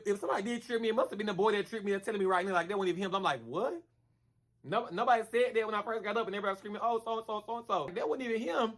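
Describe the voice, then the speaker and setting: A man telling a story in a casual storytime vlog, animated and slangy, who keeps calling the listener "girl" and acts out the punches with sound effects. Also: high-pitched. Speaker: storyteller vlogger.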